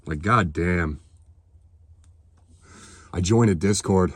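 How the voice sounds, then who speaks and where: Deep-voiced man on a heated, profane rant. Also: normal speed, pauses often, darkish tone, no room sound. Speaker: political vlogger. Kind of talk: ranting monologue to camera.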